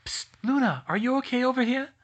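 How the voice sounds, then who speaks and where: A man voicing a clever, brisk schoolgirl witch who speaks decisively. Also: very high voice, expressive, lo-fi sound, pitched above the performer's own voice. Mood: hushed.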